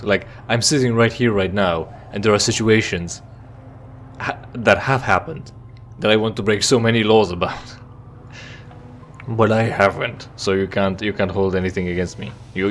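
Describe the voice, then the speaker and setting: A man's voice: lowish voice, fairly even intonation, moderate pace, slight background noise. A man giving sarcastic, rambling commentary over a game he is playing and reading its dialogue aloud. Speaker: let's play commentator. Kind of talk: casual gameplay commentary.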